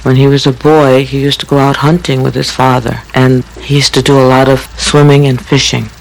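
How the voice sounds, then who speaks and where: A middle-aged woman from the United States recounting family memories in a theatrical memoir monologue, slow and heartfelt. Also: a bass voice, level tone, creaky, poor audio.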